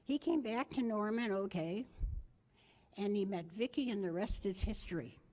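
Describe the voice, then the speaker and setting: Her mid-range voice is a little mellow and moves at a moderate pace as this older woman tells family stories in a memorial speech. The telling is rambling and anecdotal, with self-corrections throughout.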